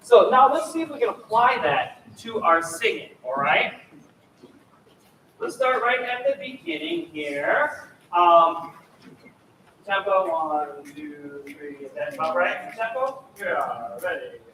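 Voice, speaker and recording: A high-voiced male choir clinician coaches students in a lively, encouraging way, singing short phrases to model them. He sounds distant, picked up from across a large, very echoey hall. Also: slow pace, slight background noise. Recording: echoey hall, mic far off.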